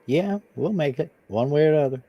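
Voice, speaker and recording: A man's voice: fairly high pitch, lively intonation, a little fast, highs cut off, slight background noise. A man co-hosting a live stream, chatting in a dry, laid-back way and reading viewer comments aloud. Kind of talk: casual live stream chat.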